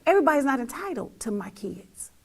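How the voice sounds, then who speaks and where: A woman's voice: sits high, sing-song, quick pace, gravelly, husky. A middle-aged woman telling her own story as a mother, emphatic and repetitive, sometimes dropping almost to a whisper. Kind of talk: heartfelt personal testimony.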